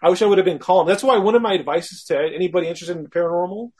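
A male guest tells a personal story in casual conversation, poking fun at himself and acting out his own thoughts as quotes. His voice is high-pitched, husky, and rapid-fire, and his delivery is animated.

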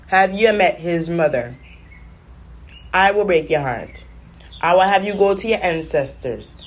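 A young woman, telling stories in a sassy, animated casual rant, coughing now and then. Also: fairly low pitch, a little slow. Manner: animated, sassy storytelling with patois slips. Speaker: vlogger. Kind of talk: casual smoking-session rant.

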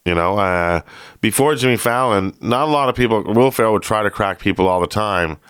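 A man hosting a casual interview, chatty and animated, laughing often. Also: fairly low pitch, fairly quick, clean tone, dry recording, studio quality. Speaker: podcast host.

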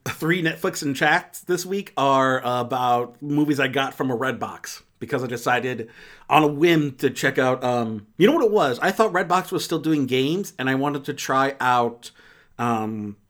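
A man's voice: mid-range voice, a little slow, fairly bright tone. A man hosting a casual movie review chat, rambling and cutting himself off mid-sentence. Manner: rambling, self-interrupting, laughs easily.

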